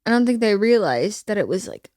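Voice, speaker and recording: A woman's voice: mid-range voice, big pitch swings, brisk, a little mellow, no echo, studio quality. A fifteen-year-old girl, a podcast guest, chatting in a laid-back way with her mother and saying "literally" a lot. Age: teens. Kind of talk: casual chat with her mother.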